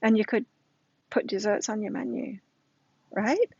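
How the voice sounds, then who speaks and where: A woman's voice: medium pitch, a little slow, gravelly, darkish tone, husky, dry recording, lo-fi sound. A middle-aged woman giving a casual weekly tarot reading, emphatic, repeating her points and telling stories to make them. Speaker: tarot reader.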